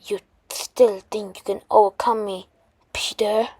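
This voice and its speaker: A woman reading the lines of a grim young male villain, speaking low and quiet. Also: steady tone, measured pace, slightly rough, dry recording.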